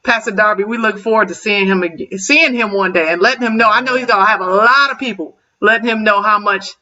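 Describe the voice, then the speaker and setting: A woman on a panel chatting casually, lively and laughing often, with preacher-like emphasis. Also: medium pitch, fairly quick. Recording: distant dull-sounding mic.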